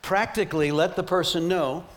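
A man leading a ministry team training, telling emphatic, animated stories to teach the group. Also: sits high, normal speed. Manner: animated, emphatic storytelling with laughs.

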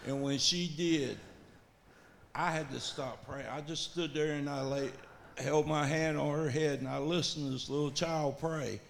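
A man's voice: fairly high pitch, fairly even intonation, a little slow, creaky, a little hiss or hum. A man telling an earnest, folksy testimony to his church. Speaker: church member giving testimony. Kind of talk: storytelling testimony.

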